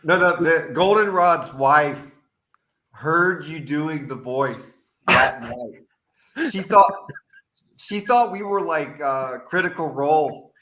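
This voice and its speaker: A man's voice: a little high, takes it slowly, a bit bright, slight background noise, rough recording. A man joining in a casual chat about a game session, laughing and cutting in with emphatic remarks.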